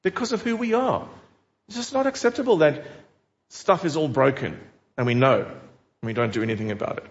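A man's voice: a little high, a little fast. A man preaching a sermon in an earnest, emphatic way, putting direct questions to his listeners. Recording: dull lo-fi recording.

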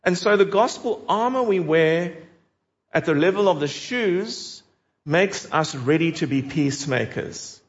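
A man preaching with earnest emphasis and a fairly high voice, pressing his listeners with direct questions. The recording is dull and lo-fi. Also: animated, unhurried. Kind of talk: sermon.

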